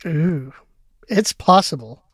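Male co-host, high voice, jokey and chatty, dry close-mic. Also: animated, takes it slowly, dry recording. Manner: jokey, chatty, laughs often. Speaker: podcast co-host. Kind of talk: casual podcast chat.

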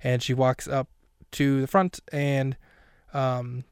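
A man's voice: medium pitch, level tone, takes it slowly, clear, resonant tone, dry recording, studio quality. A man hosting a podcast who recaps a film scene by scene in a rambling, self-mocking way with plenty of fillers. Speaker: podcast host.

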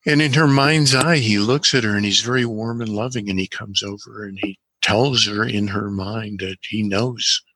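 A man talking as a podcast guest, calmly recounting a patient's case history from his healing work. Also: on the low side, slightly rough, dry recording. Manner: calm, measured storytelling with quoted dialogue. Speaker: guest practitioner of guided imagery.

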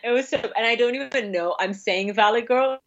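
A woman's voice: a little high, fairly quick, lo-fi sound. A woman in her twenties with a British accent that fades in and out, chatting casually as a podcast guest and laughing often. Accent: British, fading. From Britain. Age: 20s. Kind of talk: casual chat.

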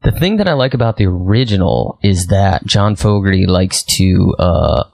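A man's voice: low voice, normal speed, vocal fry. A man co-hosting a casual music podcast, talking with lots of fillers and restarts. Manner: animated, many restarts and fillers. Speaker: podcast co-host. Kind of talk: casual chat.

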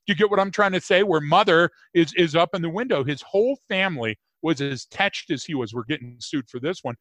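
A man with a fairly high voice co-hosts a conversational podcast, joking and rambling as he restarts his sentences. The sound is dry and close. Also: fairly quick, fairly bright tone, no echo. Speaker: podcast co-host.

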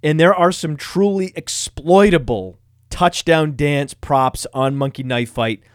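A man hosting a fantasy football podcast, reading ads in a boastful, self-mocking, energetic way. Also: on the high side, a little slow, smooth, no echo, studio quality. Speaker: podcast host.

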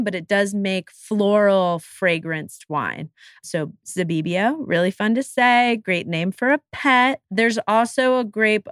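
A woman's voice: medium pitch, fairly bright tone, clean tone, no echo, studio quality. A woman hosting a podcast, talking casually and with enthusiasm, with self-deprecating asides. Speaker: podcast host. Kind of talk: casual solo podcast talk.

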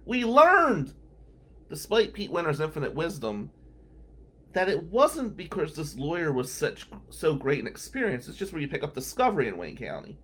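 A man's voice: fairly high pitch, sing-song, moderate pace, a bit bright, husky. A man hosting a podcast, a lawyer telling wry, incredulous stories from his working day. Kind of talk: storytelling monologue.

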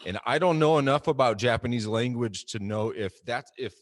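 A man's voice: medium pitch, normal speed, no echo, clean studio sound. A man in his forties, co-hosting a casual discussion in a thoughtful, rambling way.

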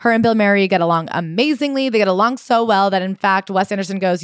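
A woman's voice: medium pitch, fast talker, smooth, no room sound, clean studio sound. A woman co-hosting a casual book-review chat, recapping the story and dropping wry asides. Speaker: podcast co-host.

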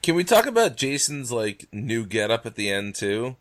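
A man's voice: mid-range voice, very animated, moderate pace, no echo. A man co-hosting a casual podcast chat, wry and teasing. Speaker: podcast co-host.

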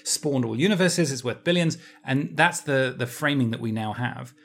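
A man co-hosting a podcast who tells stories in an animated way, laughing easily and restarting his phrases. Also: mid-range voice, moderate pace, gravelly. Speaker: podcast co-host. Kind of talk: casual podcast chat.

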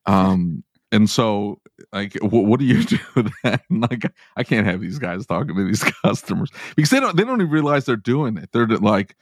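Relaxed male podcast host, dry sound. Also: fairly low pitch, dry recording. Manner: chatty, laughs often, does quick voices. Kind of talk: casual podcast chat.

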